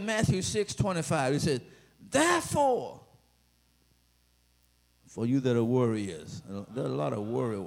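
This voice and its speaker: A man preaching a sermon with dramatic swells, bursts of shouting and playful asides. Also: on the high side, gravelly.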